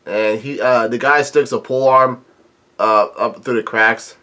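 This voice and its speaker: Halting man reading a manga aloud. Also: mid-range voice, steady tone, bright, forceful tone. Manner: halting, many restarts and filler sounds. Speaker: manga reaction host.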